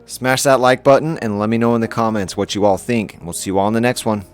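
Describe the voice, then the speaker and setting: A man's voice: medium pitch, steady tone, fast talker, faint music behind. A man hosting a story channel, reading online stories aloud with casual, wry commentary.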